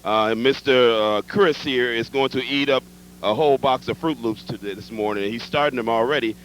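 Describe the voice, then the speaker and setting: A man's voice: mid-range voice, brisk, rough recording. Playful man hosting live TV. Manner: teasing, playful. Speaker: roving on-air host. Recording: old live TV tape with faint noise.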